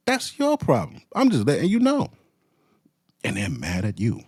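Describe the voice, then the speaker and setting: A man's voice: mid-range voice, wildly swooping pitch, normal speed, a little mellow, breathy edge, no echo, clean studio sound. Heated, profane man ranting. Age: adult with children. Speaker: commentary host. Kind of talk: ranting commentary.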